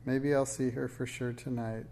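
A man reading aloud, putting on the raised, excited voice of a hopeful young witch girl in a storybook. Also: mid-range voice, moderate pace, lightly acted. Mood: eager.

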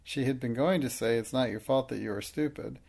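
A man with a gravelly voice narrating a storybook in a steady, even reading. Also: mid-range voice, a little fast. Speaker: audiobook narrator. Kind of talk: scripted narration.

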